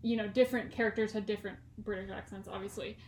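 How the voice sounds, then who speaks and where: A woman's voice: mid-range voice, steady tone, fast, darkish tone, reverberant, slight background noise. A young woman in her twenties from California, co-hosting a podcast in a casual, rambling chat full of fillers and laughs. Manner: chatty and rambling, many "like" fillers, laughs often. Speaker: podcast co-host.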